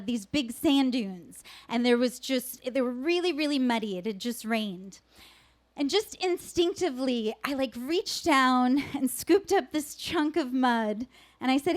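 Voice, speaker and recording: A woman telling a personal story on stage at a live event, earnest and conversational with soft pauses. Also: high voice.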